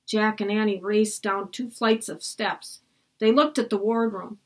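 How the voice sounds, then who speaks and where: Reading a children's chapter book aloud, this woman keeps a steady tone and a measured pace. Her voice goes up when the children speak and sinks low during the narration.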